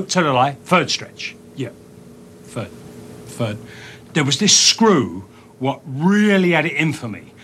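An actor playing a hardened ex-convict in a film, speaking with a thick Cockney accent in a slangy, deliberate, street-tough way. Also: male voice, mid-range voice, fairly bright tone, slight background noise. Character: hardened male ex-con, cool and menacing. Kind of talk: film acting.

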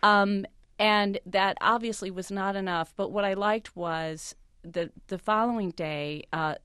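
A woman advice columnist, a guest on a radio talk show, giving confident advice in a relaxed way. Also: lowish voice, measured pace, smooth, no echo, clean studio sound. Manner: confident, advising, with easy laughter.

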